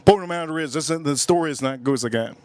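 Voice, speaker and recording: A man's voice: a little high, quick pace, smooth, dry recording. A man hosting a livestream, telling a story in casual chat, rambling and repeating his phrases over and over. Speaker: livestream host.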